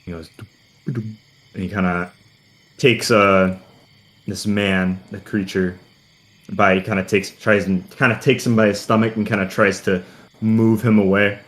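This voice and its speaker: A man's voice: on the low side, level tone, normal speed, a bit bright. A man narrating as game master, rambling and full of fillers. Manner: rambling, heavy on "kinda" and "uh".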